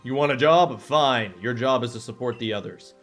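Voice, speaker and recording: A man's voice: medium pitch, moderate pace, a bit bright, faint music behind, close to an everyday voice. A man doing a firm young clan leader. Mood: curt.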